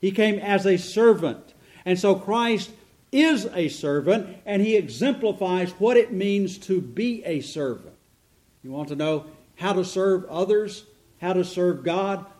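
Middle-aged pastor guy, kinda high voice, earnest emphatic preaching. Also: animated, a little slow, darkish tone. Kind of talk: sermon.

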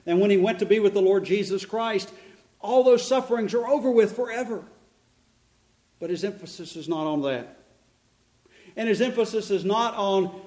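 A man's voice: high voice, a little mellow. A middle-aged male pastor preaching a sermon, telling stories and asking and answering his own questions.

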